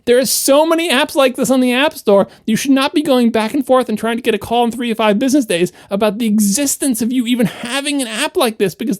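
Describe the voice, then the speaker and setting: A man's voice: extremely high pitch, fast, few pauses, no room sound, studio quality. A man co-hosting a tech podcast in casual chat, ranting indignantly and with a lot of energy. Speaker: podcast co-host.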